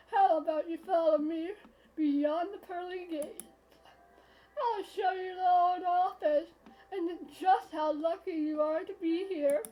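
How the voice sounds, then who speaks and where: A woman's voice: extremely high pitch, warm tone, poor audio. A woman voicing a brash, upbeat female God, reading a visual novel aloud in a teasing, playful manner. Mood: breezy.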